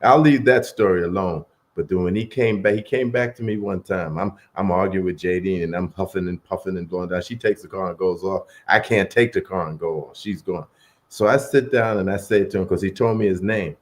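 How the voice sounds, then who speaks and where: Earnest man telling a heartfelt story. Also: low-pitched. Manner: earnest, slow and heartfelt, dramatic retelling. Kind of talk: personal storytelling.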